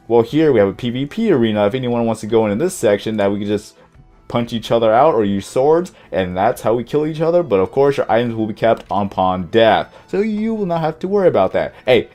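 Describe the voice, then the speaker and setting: A man talks his way through a let's-play in an easy, chatty manner, speaking straight to his viewers. His phrasing rambles and he sometimes stumbles and restarts on a word. His voice sits at an ordinary middle pitch. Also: animated, a little fast, mellow, faint music behind. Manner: rambling, stumbles over words; chatty, addresses viewers directly. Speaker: gaming channel host. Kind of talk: casual let's-play commentary.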